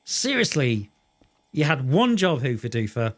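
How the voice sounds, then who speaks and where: A man's voice: fairly high pitch, lively intonation, moderate pace. A man chatting casually while live-streaming a train simulator game, rambling, telling jokes and talking to his viewers. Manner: rambling, joking, talks to chat and himself.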